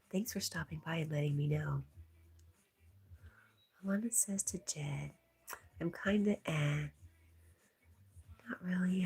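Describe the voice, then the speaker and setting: Low husky woman reading chat softly. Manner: reads viewer comments aloud, often softly whispered. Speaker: livestream host reading chat. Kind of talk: casual livestream chat.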